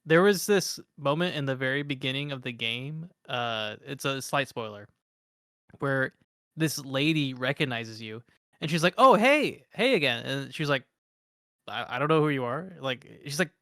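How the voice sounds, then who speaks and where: A man's voice: medium pitch, normal speed, a bit bright, smooth, dry recording, clean studio sound. A young man co-hosting a gaming podcast, rambling casually with lots of "like" fillers. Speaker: podcast co-host. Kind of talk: casual chat.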